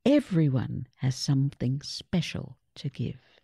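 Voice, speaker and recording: A woman voicing a gentle, wise grandmother in a children's story. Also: a bass voice, sing-song, slow, gravelly, slightly rough, no echo, studio quality, full character voice.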